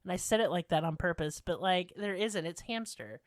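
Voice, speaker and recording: A woman's voice: on the low side, a little fast, dry recording, clean studio sound. A woman co-hosting a podcast in casual chat, sassy, profane and self-mocking. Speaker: podcast co-host.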